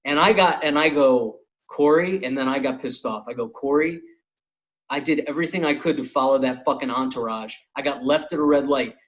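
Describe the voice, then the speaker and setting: This man's voice is medium in pitch and a bit quick, and the recording sounds muffled. He's a comedian hosting a podcast, spinning a long, funny anecdote full of swearing in a loose, lively chat.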